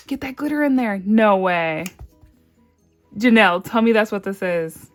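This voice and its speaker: A woman chatting casually in her vlog, bubbly and excitable, gasping and squealing over packages. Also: mid-range voice, normal speed, soft background music. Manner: murmured counting of cash. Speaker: budgeting vlogger.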